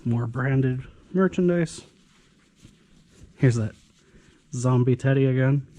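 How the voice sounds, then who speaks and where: Male reseller, mid pitch, warm low-key tone, casual sardonic running commentary while he has hiccups. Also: takes it slowly. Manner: offhand, dryly sarcastic remarks. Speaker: storage locker reseller.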